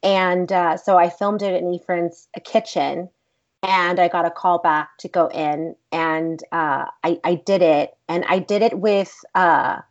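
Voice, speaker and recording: Chatty actress from Texas, rambling. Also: female voice, lowish voice, unhurried, lo-fi sound. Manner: animated, rambling, many fillers like "like". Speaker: actress guest. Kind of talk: casual interview storytelling.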